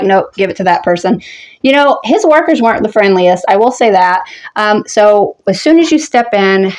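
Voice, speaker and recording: A woman, perhaps in her thirties, casually telling an animated story, swearing freely and laughing often. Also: medium pitch. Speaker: horror vlogger.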